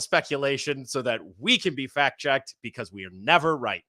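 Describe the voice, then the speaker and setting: A man's voice: medium pitch, lively intonation, normal speed, few pauses, pushed and bright, no room sound, studio quality. A man co-hosting a casual wrestling livestream, rambling cheerfully through plugs and schedules. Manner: upbeat, rambling plugs with laughs. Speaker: podcast co-host and wrestler.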